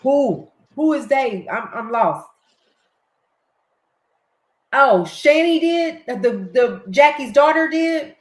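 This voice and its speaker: An older woman with a Southern US accent, hosting a casual late-night live-stream chat, excitable and quick to laugh. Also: high-pitched, roomy sound, low-quality recording. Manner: chatty, excitable, laughs easily. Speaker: livestream host.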